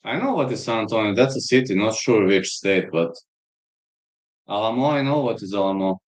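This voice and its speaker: A man's voice: fairly low pitch, animated, brisk, low-quality recording. A man with a Serbian accent, hosting a live fight stream and chatting in a rambling, storytelling way while reading chat aloud.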